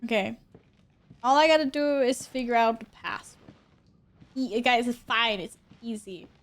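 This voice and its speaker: A young adult woman streaming a game live, reacting out loud, swearing and exclaiming as things happen. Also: on the high side, unhurried. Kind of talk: live gameplay commentary.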